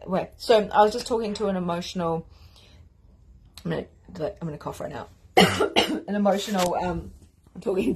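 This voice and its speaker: Husky-voiced woman spiritual mentor. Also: lowish voice. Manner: energetic, emphatic, casual with swearing and repetition. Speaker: spiritual mentor and course host. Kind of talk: motivational teaching talk.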